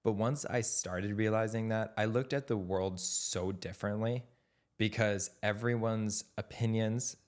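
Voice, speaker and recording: A young adult man co-hosting a podcast, talking in a reflective, measured way in casual chat. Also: lowish voice, fairly even intonation. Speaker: podcast co-host.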